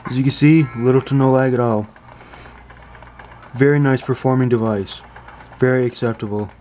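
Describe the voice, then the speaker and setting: Mellow-voiced man reviewing a phone. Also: medium pitch, steady tone, moderate pace. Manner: chatty, stumbling, often apologizing. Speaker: tech reviewer. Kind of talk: casual product review. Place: indoors.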